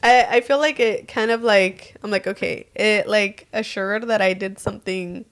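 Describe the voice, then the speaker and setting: A woman's voice: mid-range voice, steady tone, moderate pace, clear, resonant tone. Chatty young woman, lots of filler. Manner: chatty, filler-heavy, quotes herself. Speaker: podcast co-host. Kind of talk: casual chat.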